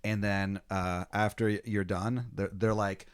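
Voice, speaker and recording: A man's voice: on the low side, flat delivery, unhurried, clear, resonant tone. A man hosting a comedy podcast, narrating an improvised scene casually with many fillers and frequent laughter.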